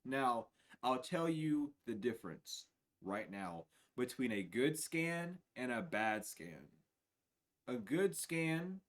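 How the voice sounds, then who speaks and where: Loose, profane man on a live reading. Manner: casual, profane, swings from low mutter to loud laughing outbursts. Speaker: spiritual reader. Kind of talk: livestream spiritual reading.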